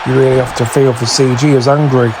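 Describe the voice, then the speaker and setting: A man giving excited play-by-play wrestling commentary, shouting through near falls, his voice going hoarse from screaming. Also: medium pitch, fast talker, background noise. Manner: shouting near counts, voice straining.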